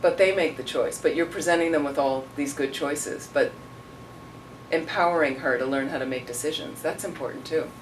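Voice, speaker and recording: A woman teacher answering questions from her audience, rambling into stories and acting out what people said. Her voice sits a little low. She is heard from a distance over clear background noise. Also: moderate pace. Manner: rambling, storytelling, acts out quotes. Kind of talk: casual dharma talk. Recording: distant mic, noisy room.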